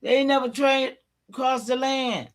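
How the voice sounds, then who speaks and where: A middle-aged woman hosting a livestream, talking in a preachy way and calling out to her viewers, with a tickle in her throat that makes her clear it often. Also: sits high, steady tone, normal speed. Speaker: livestream host. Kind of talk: casual livestream talk.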